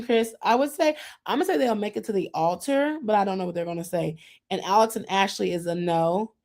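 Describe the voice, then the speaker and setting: A woman's voice: mid-range voice, a little mellow. Chatty woman rambling through a TV recap. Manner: chatty, rambling, mimics people she talks about. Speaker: podcast host. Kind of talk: casual TV recap chat.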